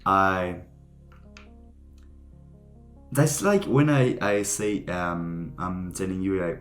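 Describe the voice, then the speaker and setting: A man's voice: low-pitched, slow, few pauses, a bit bright. A young man, a vlogger musing aloud in a rambling way, often searching for his words. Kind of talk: casual reflective monologue to camera. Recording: echoey room with faint music.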